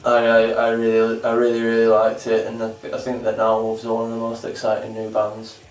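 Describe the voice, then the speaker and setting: Flat-voiced, earnest man. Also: fairly low pitch, a little fast. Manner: earnest, rambling enthusiasm with restarts. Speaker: vlog co-host reviewing albums. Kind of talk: casual chat. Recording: roomy sound from a distant mic.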